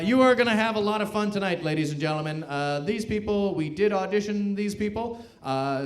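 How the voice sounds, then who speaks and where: A Canadian man working the crowd as host of a stage show, with a fairly high voice that swings lively up and down. He is sarcastic and animated, and he keeps acting out the people in his jokes. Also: a little hiss or hum. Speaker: host and stand-up comedian. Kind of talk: stand-up comedy and emceeing. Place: theater stage with live audience.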